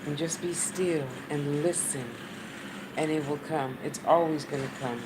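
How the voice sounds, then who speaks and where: A woman's voice: low voice, steady tone, a little slow. Blunt American woman teaching spirit work. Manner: blunt, swears freely, talks straight to the viewer. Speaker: spiritual channel host. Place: at home, fan running. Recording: noisy fan and traffic behind.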